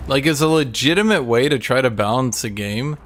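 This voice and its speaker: A man's voice: medium pitch, brisk, a little hiss or hum. A man in his thirties giving casual game commentary to his chat. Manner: chatty, coos baby talk at a cat. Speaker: streamer.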